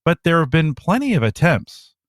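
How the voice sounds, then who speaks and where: A man's voice: fairly high pitch, sing-song, moderate pace, no room sound, clean studio sound. A man co-hosting a podcast, reflecting aloud in casual talk with fillers. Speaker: podcast co-host. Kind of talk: casual chat.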